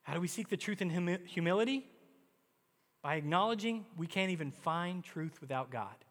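A man's voice: sits high, animated, moderate pace. Emphatic male preacher in a reverberant hall. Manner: emphatic preaching, acting out quoted prayers. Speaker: pastor. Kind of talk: sermon.

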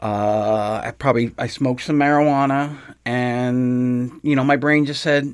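A man who is a podcast guest, talking casually in a halting, hesitant way and often repeating his words. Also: mid-range voice, steady tone, smooth. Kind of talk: casual conversation.

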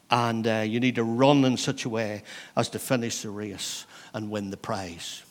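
A man in his sixties, a pastor preaching an earnest, encouraging sermon in a church, pausing to let points land. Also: on the low side, fairly even intonation. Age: 60s. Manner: earnest, exhortative, with thoughtful pauses.

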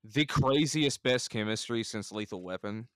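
Smooth-voiced excitable man chatting. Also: on the low side, moderate pace, dry recording, clean studio sound. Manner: excitable fan, lots of "like". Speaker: podcast co-host. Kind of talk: casual chat.

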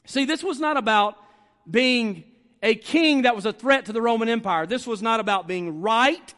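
A man preaching a sermon as pastor, emphatic, repeating phrases and slowing down to stress his points. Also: very high-pitched, fairly bright tone. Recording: long reverb of a large hall.

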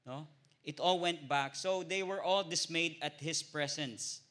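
A man with a Filipino accent giving an informal Bible study, often pausing on "uh" and ending points with a questioning "no?". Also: on the high side, a bit bright. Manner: hesitant, many filler "uh"s and tag "no?".

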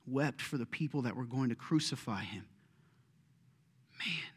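A man preaching a sermon, swinging from hushed asides to loud, pleading retellings. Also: mid-range voice, lively intonation, measured pace, breathy edge, long reverb tail. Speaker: pastor.

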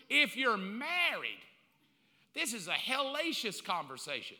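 A male pastor preaching a sermon in a blunt, animated way, acting out bits of dialogue as he goes. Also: high-pitched, unhurried. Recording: long reverb of a large hall.

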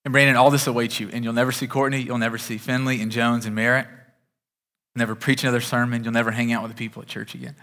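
Fast and fairly bright, with a medium pitch and little movement in it, a male pastor preaches conversationally in a church sanctuary. He frequently starts his sentences over, and the sound carries the long reverb of a large hall.

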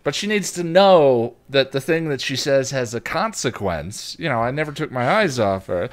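A young man co-hosting a podcast in casual chat, telling long rambling stories. His pitch swoops all over as he talks, and he keeps breaking into squeaky toddler voices to act out his anecdotes. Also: sing-song, normal speed. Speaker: podcast co-host.

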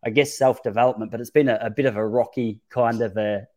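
Relaxed podcast host. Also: male voice, mid-range voice, fast talker. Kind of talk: casual conversational chat.

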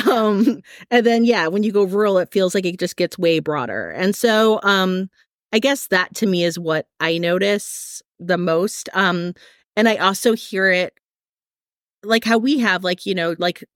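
A woman's voice: medium pitch, lively intonation, unhurried, no room sound. Chatty American woman co-host, casual and hedging, dry close mic. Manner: chatty, hedging, many fillers. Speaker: podcast co-host. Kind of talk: casual chat.

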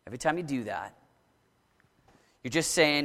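A man preaching a sermon to a young crowd, dramatic, swinging from shouts down to low, intense murmurs. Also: animated, normal speed, gravelly, pauses often, in a large hall.

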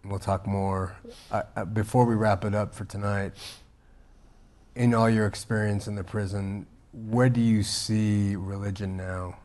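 A man hosting the interview, asking a measured question and adding brief affirmations. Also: fairly low pitch, little pitch movement, darkish tone. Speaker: podcast host.

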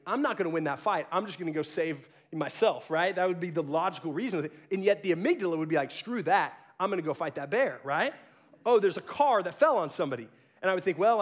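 A man in his thirties preaching a sermon in a loose, conversational style. His voice sits high for a man, and he keeps asking "right?" as he talks to the listeners. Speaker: pastor.

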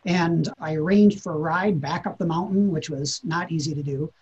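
A man's voice: fairly high pitch, normal speed, darkish tone, husky, muffled recording. A man, a podcast guest, telling a personal story in an earnest, reflective way, often repeating words as he thinks.

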